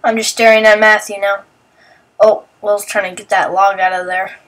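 A woman's voice: mid-range voice, level tone, normal speed, distant mic, over loud music. Chatty young woman narrating her clips. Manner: rambling and chatty, narrating what friends do and acting out their lines. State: sleepy, just woke up. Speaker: vlogger. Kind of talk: casual voice-over commentary on video clips.

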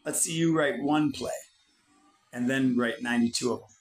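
A man's voice: medium pitch, moderate pace, rough recording. A man delivering a blunt motivational monologue, swearing constantly and preaching at the listener like a self-styled prophet. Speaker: channel host.

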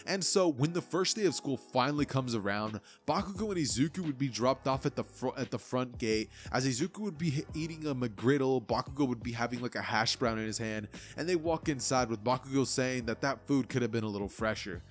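A man's voice: medium pitch, fairly quick, hardly any pauses, faint music behind. A young man narrating a fan-made anime what-if story in a casual, rambling way.

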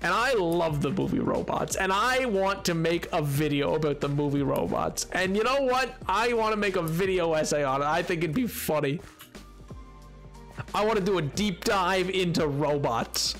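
A man casually chatting while he plays a game on stream, rambling and poking fun at himself. His voice sits fairly high for a man, and soft music plays underneath. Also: lively intonation, moderate pace. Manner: rambling, self-deprecating. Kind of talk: casual gameplay stream chat.

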